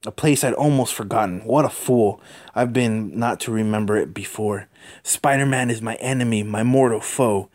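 A man reading aloud as a scheming, unhinged male villain in a slow, brooding way. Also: on the low side, a little mellow, close to an everyday voice.

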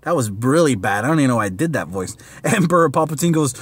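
A man's voice: on the high side, lively intonation, fast, few pauses, no room sound. A man reviewing a comic book in a casual, rambling vlog, using lots of fillers and slang.

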